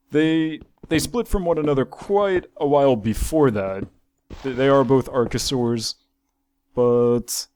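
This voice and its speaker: A man's voice: medium pitch, darkish tone. Chatty young man commenting on gameplay. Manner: chatty, talks to his pets, frequent restarts. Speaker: gaming channel host.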